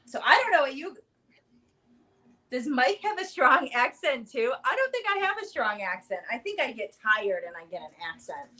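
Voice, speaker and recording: Chatty high-voiced woman livestream host. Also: big pitch swings, normal speed, sharp tone. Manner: chatty, rambling, many fillers. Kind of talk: casual live chat.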